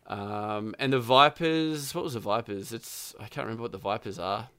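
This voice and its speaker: A man's voice: on the low side, normal speed, a bit bright, clean tone, no room sound. A man chatting casually about a video game, rambling and swearing, with lots of fillers. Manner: rambling, profane, full of fillers.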